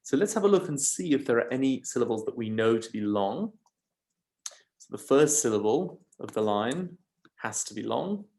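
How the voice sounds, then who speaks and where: A man's voice: mid-range voice, sing-song, normal speed, a little mellow, reverberant. A man teaching a recorded lesson, explaining step by step in a patient way with frequent ums and checking questions. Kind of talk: recorded video lesson on scanning verse.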